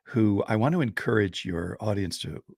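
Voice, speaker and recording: A man who is a podcast co-host and storyteller, telling a joke in a lively, chuckling way. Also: on the low side, moderate pace, vocal fry.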